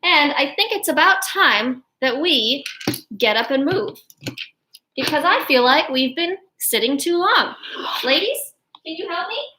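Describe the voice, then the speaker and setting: A woman's voice: high voice, expressive, measured pace, noisy background. A woman hosting a family show for children, cheerful and chatty as she shows their drawings. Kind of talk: presenting a kids' show.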